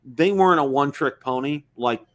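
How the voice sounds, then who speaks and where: A man's voice: medium pitch, brisk, a bit bright. A man hosting a live-stream talk show about drones, rambling with many fillers and restarts. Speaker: host.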